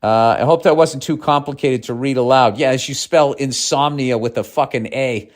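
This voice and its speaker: Brief: male comedy podcaster, profane and sardonic monologue, mid-pitched voice. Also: moderate pace. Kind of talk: ranting monologue, reading listener mail.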